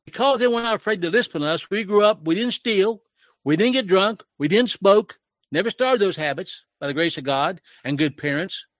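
Older guy in his 60s preaching, gets emotional and loud, kinda high voice, no room echo. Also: animated, normal speed, clean studio sound. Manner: emotional, preachy, rising to raised voice. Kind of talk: sermon-like commentary.

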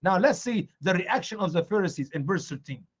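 High-pitched animated man preaching. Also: a little fast, slightly rough. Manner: excitable, acts out dialogue in high voices. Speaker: guest preacher. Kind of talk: animated evangelistic teaching.

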